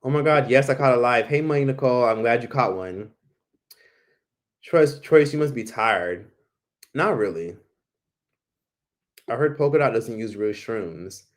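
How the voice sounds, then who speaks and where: A man's voice: mid-range voice, a little slow, long pauses. A man hosting a casual live Q&A from home, rambling with lots of "like" and "literally" and acting out the people he quotes. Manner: rambling, fills talk with "like" and "literally"; acts out the voices of people he quotes. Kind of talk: casual livestream chat.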